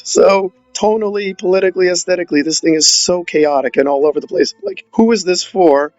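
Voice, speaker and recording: A man's voice: sits high, a little fast, hardly any pauses, darkish tone, no echo, lo-fi sound, soft background music. A man giving a sarcastic, exasperated film review, mocking the movie as he goes. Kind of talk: opinionated film review monologue.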